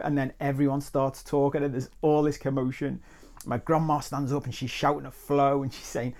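A man's voice: medium pitch, flat delivery, normal speed, darkish tone. A man hosting a solo podcast as a life coach. He tells a personal story in a conversational, reflective way with crude asides.

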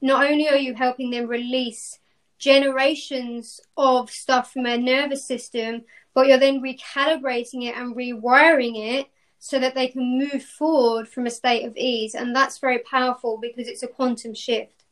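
A woman's voice: high voice, steady tone, normal speed. A woman hosting a podcast interview who speaks reflectively in spiritual terms. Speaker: podcast host.

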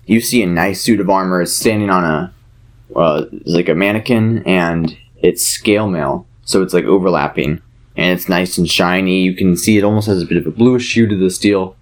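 A man narrating a tabletop game as game master, relaxed, with fillers and restarts. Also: low-pitched, moderate pace.

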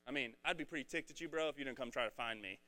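A man preaching a casual, energetic sermon, talking in a rambling, conversational way. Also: mid-range voice, rapid-fire. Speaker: pastor.

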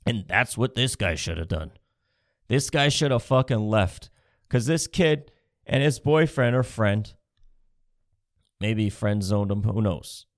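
A man's voice: fairly low pitch, expressive, slow, pauses often, dry recording, clean studio sound. Profane sarcastic man ranting comedically. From Canada. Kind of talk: comedic rant.

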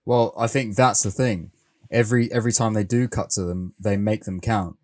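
A man's voice: on the low side, steady tone, normal speed. A man with an English accent co-hosting a casual film podcast, talking through how scenes are built. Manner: analytical, explaining film craft. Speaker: podcast co-host.

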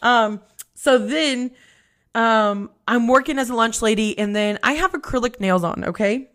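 A young adult woman hosting a podcast, telling a personal story in a candid, profane, animated way. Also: on the high side, unhurried. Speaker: podcast host.

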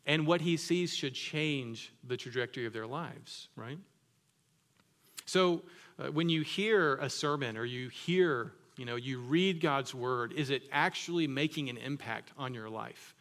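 A man's voice: mid-range voice, a little slow, fairly bright tone. A man preaching a sermon in a conversational way, often checking in with "right?" and rising to emphatic peaks on key words. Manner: conversational, keeps asking "right?". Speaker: pastor.

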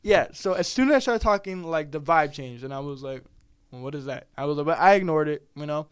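A man's voice: fairly high pitch, lively intonation, fairly quick, clean tone, no room sound, studio quality. Laid-back young American man telling a story. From United States. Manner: laid-back, swears freely, laughs often. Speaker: podcast guest. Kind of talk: casual storytelling chat.

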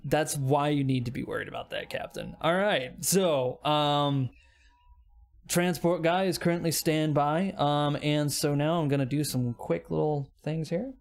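A man's voice: fairly high pitch, unhurried, gravelly. A man narrating as game master in a rambling, casual way full of fillers.

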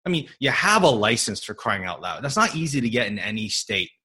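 A man's voice: lowish voice, slightly rough. A man in his thirties, a physical therapist speaking English as a non-native language, chatting casually on a podcast with lots of fillers, restarts and laughter. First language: not English. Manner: animated, many fillers and restarts, quick to laugh.

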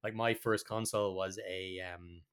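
A man's voice: sits low, steady tone, moderate pace, fairly bright tone, clear, resonant tone. A man, co-hosting a podcast in casual chat, rambling and swearing freely with many restarts. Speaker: podcast co-host.

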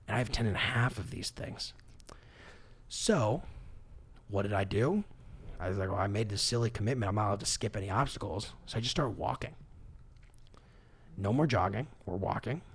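A man co-hosting a podcast, telling a story in a casual, animated, self-deprecating way and laughing often. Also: lowish voice, breathy edge. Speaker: podcast co-host. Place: podcast studio.

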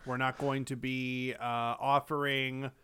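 A young man co-hosting a casual movie podcast, chatting and cracking deadpan jokes. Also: medium pitch, takes it slowly, clean tone. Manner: joking, deadpan bits. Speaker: podcast co-host. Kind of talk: casual chat.

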